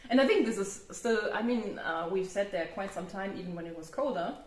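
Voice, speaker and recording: A woman hosting a casual chat, soft-spoken and agreeable, often trailing off quietly. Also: mid-range voice, lively intonation, brisk, echoey room. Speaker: host.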